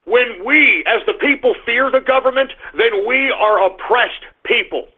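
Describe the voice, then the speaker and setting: A man's voice: extremely high pitch, unhurried. An older man hosting a political talk radio show, delivering a fiery, repetitive ranting monologue over tinny phone-like audio.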